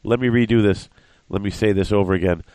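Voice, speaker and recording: A man with a lowish voice talks casually about his hobby, reasoning out loud and stopping to correct himself. The sound is dry and close, with no room echo. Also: steady tone, quick pace. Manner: thinks aloud, corrects himself, works out prices.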